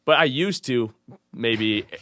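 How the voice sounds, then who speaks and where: A man's voice: medium pitch, lively intonation, takes it slowly, a bit bright, no room sound. A laid-back man from Chicago, a podcast guest chatting casually and agreeably. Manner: laid-back, agreeable, says "dude" a lot. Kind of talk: casual chat.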